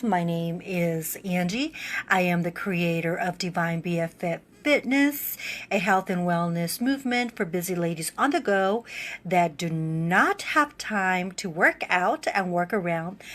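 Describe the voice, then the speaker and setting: A woman's voice: on the low side, fairly bright tone. A woman who runs a fitness program, speaking to camera in a casual, earnest and openly emotional gratitude video. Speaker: fitness and wellness program creator.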